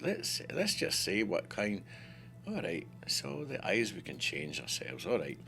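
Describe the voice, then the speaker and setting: Low gravelly man, excitable tutorial. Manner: excitable, talks to himself, playful swearing. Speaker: 3D software tutor. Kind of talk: casual screen-recorded tutorial.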